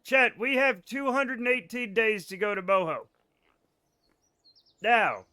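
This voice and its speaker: Bright, high-voiced joking male streamer. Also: lively intonation, slow, clean tone. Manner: rambling, jokey, talks to chat while playing. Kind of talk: casual gaming livestream chat.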